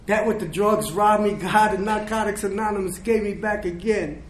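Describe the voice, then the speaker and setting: Older man, high voice, emotional recovery testimony in an echoey hall with faint noise behind. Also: moderate pace. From South Bronx, New York. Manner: emotional, storytelling with quoted dialogue. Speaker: recovery speaker. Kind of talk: personal testimony speech.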